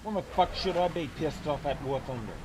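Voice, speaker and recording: Male streamer, furious rant, heavy profanity, slightly high pitch. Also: a little fast, background noise. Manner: angry, swearing constantly. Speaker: game streamer. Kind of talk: live-stream gameplay rant.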